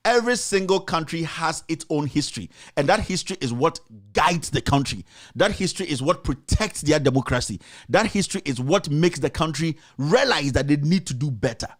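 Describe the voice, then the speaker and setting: With lively intonation and a slightly fast pace, a Ghanaian talk show host's high voice climbs as he argues his political point passionately. He keeps repeating himself and aims rhetorical questions directly at those who criticize him.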